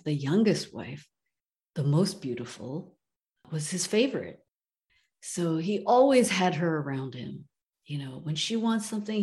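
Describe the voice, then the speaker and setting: A woman with a deep, darkish voice tells a parable during a webinar, recorded over a video call. She speaks conversationally and keeps checking in with listeners using "okay?" and "you know".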